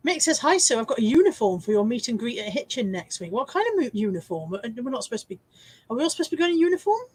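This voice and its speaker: A woman's voice: a little high, sing-song, a little mellow, breathy edge. Chatty woman on a live stream. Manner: chatty, self-mocking, quick asides to viewers. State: hiccuping. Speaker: live stream host reselling car boot finds. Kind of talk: casual live stream chat reading viewer comments.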